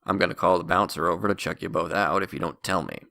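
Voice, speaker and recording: A man doing a gruff, no-nonsense bartender. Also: low voice, steady tone, fast, pushed and bright, dry recording, exaggerated voice. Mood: blunt. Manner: gruff, matter-of-fact. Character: blunt middle-aged male bartender.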